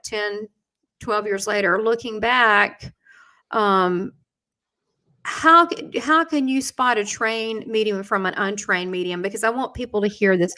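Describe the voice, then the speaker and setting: A woman hosting a live online chat as a spiritual medium. She tells animated stories full of quoted dialogue and frequent restarts. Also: a little high.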